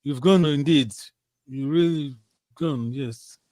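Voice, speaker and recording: A man's voice: on the high side, slow pace, mellow, no room sound. A man teaching a language class over a video call, patiently correcting students and often checking in with "yes?". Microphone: computer on a video call.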